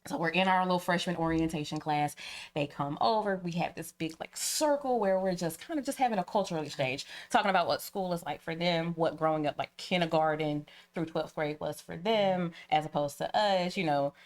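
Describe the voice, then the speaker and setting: A young woman from Eastern North Carolina with a Southern accent, a podcast guest telling stories in a lively way and laughing often. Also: fairly low pitch, fairly quick. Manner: animated storyteller, laughs often. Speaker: guest, marketing business owner. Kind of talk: casual podcast chat.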